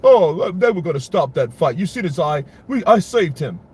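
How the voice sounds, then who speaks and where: A man's voice: a little high, sing-song, normal speed, darkish tone, slightly rough, pitched above the performer's own voice, exaggerated voice. A man mimicking a pompous, dismissive heavyweight boxer in a raised voice. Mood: mocking.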